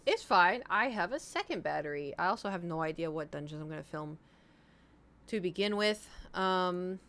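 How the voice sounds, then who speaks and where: A woman's voice: on the low side, animated, moderate pace, fairly bright tone. Rambling young woman streamer. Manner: rambling, self-deprecating, trails off. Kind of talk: casual stream chat.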